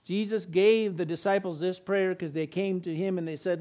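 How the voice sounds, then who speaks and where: A man's voice: high voice, steady tone, moderate pace, a little mellow. A man preaching a sermon as pastor, earnest and direct, leading his congregation in prayer.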